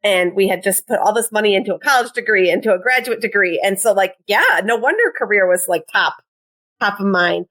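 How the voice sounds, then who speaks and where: A woman's voice: mid-range voice, expressive, a little fast, a bit bright. A woman in her forties with a Midwestern American accent, a podcast guest chatting casually with lots of "like" fillers and self-deprecating asides.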